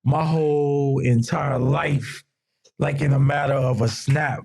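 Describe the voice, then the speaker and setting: A man's voice: medium pitch, takes it slowly. A man with a Mid-Atlantic American accent, a fashion designer guest on a podcast, telling stories in casual talk and acting out the voices of people he quotes. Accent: Mid-Atlantic US (DMV). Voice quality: gravelly, husky. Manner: animated storyteller, acts out quoted voices.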